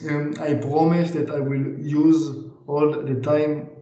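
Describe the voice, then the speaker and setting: A young man from Israel in his twenties who stutters, repeating drill words and answering in short, halting phrases. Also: a little high, flat delivery, mellow, recorded from a distance, a little hiss or hum. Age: 20s. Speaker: therapy client. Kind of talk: repetition drills and halting replies. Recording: roomy, dull lo-fi sound.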